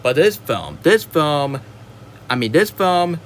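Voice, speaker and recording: A man's voice: on the high side, sing-song, slow pace, a little hiss or hum. Rambling exasperated man ranting. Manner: exasperated, rambling, stumbles over words and apologizes. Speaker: movie reviewer. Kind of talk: ranting film review monologue.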